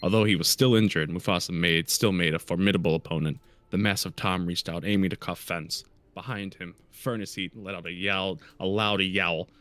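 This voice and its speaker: A man, a guest reader, reading a fan roleplay aloud in a steady way. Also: low-pitched, normal speed, few pauses. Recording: faint music behind.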